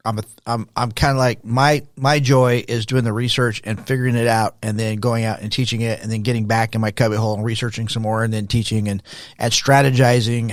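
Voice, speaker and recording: An older man speaks as a guest in a casual interview. His mid-pitched voice is measured and reflective, with restarts as he works through his thoughts. The sound is dry and close. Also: no room sound. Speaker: podcast guest, leadership coach.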